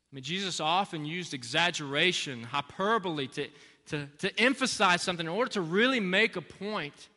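A pastor preaching a sermon, earnest and emphatic, repeating key phrases for weight. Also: male voice, sits high, animated, a little slow, bright, forceful tone. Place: church sanctuary. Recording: long reverb of a large hall.

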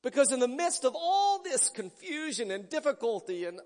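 A male pastor preaching a sermon emphatically, swinging from loud declarations to hushed words. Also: very high-pitched, very animated, brisk, hardly any pauses, in a large hall.

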